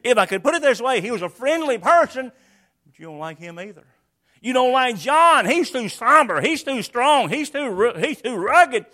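A man delivers an expository sermon in a high voice. He drops to a hush and then bursts out loud as he acts out the lines he quotes. His delivery moves between slow, drawn-out phrases and quick asides. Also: big pitch swings. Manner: expository preaching with sudden loud acted-out quotes. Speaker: preacher.

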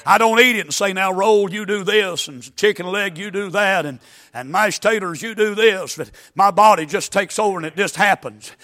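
A man preaching a fiery sermon, with a weak, worn voice, swinging from folksy asides into chanted, shouted climaxes. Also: sits high, moderate pace.

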